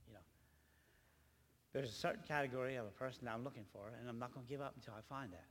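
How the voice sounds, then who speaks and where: An older man in a church hall shares his own struggles, his speech halting and earnest as he stumbles over and repeats words. His voice rings with a long reverb in the large room, and a faint hum of noise sits under it. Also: medium pitch, a bit bright. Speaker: church member giving testimony. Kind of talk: personal testimony at a church gathering.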